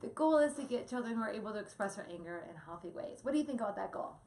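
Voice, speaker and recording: Talking very fast in an expressive, medium-pitched and slightly mellow voice, a woman co-presents a casual parenting chat. She laughs often and explains through examples, and the echoey room carries faint ambient noise.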